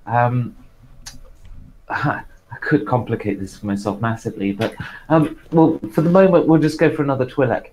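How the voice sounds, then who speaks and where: A man playing a tabletop role-playing game, describing his character's actions in a halting, hesitant way. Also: medium pitch, steady tone, darkish tone, low-quality recording. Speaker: player.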